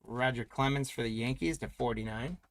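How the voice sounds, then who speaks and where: Man, live card break host, upbeat and chatty, mid-pitched voice, dry close sound. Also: brisk, dry recording. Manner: upbeat, chatty, congratulates buyers by name.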